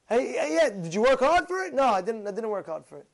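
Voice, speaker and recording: Animated high-voiced man giving a Torah talk. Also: fast, few pauses. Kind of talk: informal Torah lecture with acted anecdotes.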